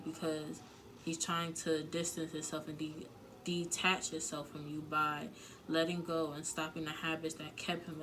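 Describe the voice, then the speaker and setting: Bright-voiced frank woman vlogger. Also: sits low, a little hiss or hum. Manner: frank and candid, loose with filler words and swearing; emotional, close to tears at times. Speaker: relationship advice vlogger. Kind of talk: casual reaction vlog.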